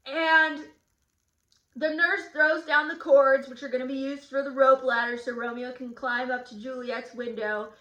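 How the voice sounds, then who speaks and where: A woman teacher walks through a literature lesson, explaining the plot and acting out the quoted lines. Her voice is high and bright, and it rings in an echoey room. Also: steady tone, a little slow.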